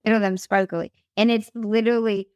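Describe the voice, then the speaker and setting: A young woman tells a story in a relaxed chat, swearing freely and playing out each quoted line. Her voice is smooth and clear. The sound is close and dry. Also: mid-range voice, fairly quick, dry recording, dull audio. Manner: animated, profane, acts out quotes. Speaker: podcast host telling her story as guest.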